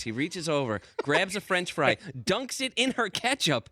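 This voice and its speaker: A man's voice: a little high, very animated, moderate pace, few pauses, pushed and bright, no room sound, clean studio sound. A man on a radio show's crew, laughing as he retells a prank in casual chat. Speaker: show crew member. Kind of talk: casual storytelling.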